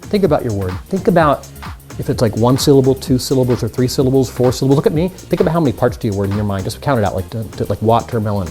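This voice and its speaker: A man's voice: mid-range voice, lively intonation, rapid-fire, darkish tone, faint music behind. A man teaching mind reading magic tricks in a casual, upbeat tutorial, chatting straight to the viewers.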